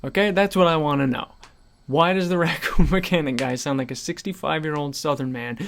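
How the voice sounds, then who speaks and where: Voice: mid-range voice, fairly quick, gravelly, slight background noise. A gaming vlogger ranting at home in disbelief, swearing often and breaking into laughter, recorded on a USB condenser mic without a pop filter. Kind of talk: home commentary rant.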